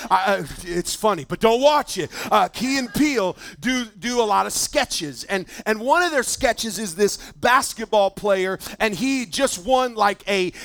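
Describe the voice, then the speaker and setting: A man preaching a sermon as pastor in a church, animated, swinging from loud emphasis to quiet asides. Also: high-pitched.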